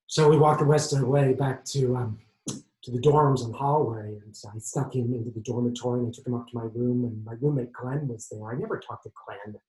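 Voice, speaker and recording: A man in his sixties from Arizona, performing an autobiographical stage monologue with emotional swings in volume and pitch. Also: darkish tone. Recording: echoey room.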